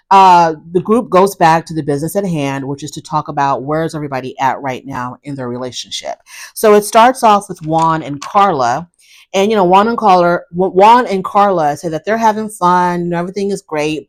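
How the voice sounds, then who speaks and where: A woman recapping a reality TV episode in casual, animated commentary, often acting out what people said. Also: lowish voice. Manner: animated, opinionated, acts out quotes; frequent fillers and restarts.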